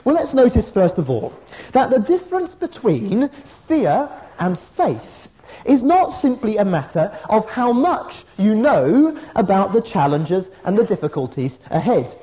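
A man preaching a sermon as a pastor, telling a personal story with measured, dramatic pauses and slowed emphasis. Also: high-pitched, big pitch swings, dark tone.

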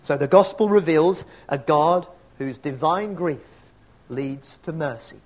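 A man's voice: on the high side, slow. A man preaching a sermon in a reflective way, asking rhetorical questions and reading scripture aloud. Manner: reads scripture and poetry aloud.

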